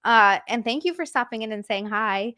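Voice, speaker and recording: Excitable live-stream host, woman, high-pitched, dry recording. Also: moderate pace, no echo. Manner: excitable, reads chat aloud, gushing thanks. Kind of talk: casual live-stream chat.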